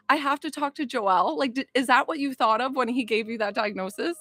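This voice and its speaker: A woman psychic healer chatting on a livestream, excitable and rambling, swearing now and then. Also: a little high, brisk, hardly any pauses, dry recording, studio quality, faint music behind. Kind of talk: casual livestream chat with viewers.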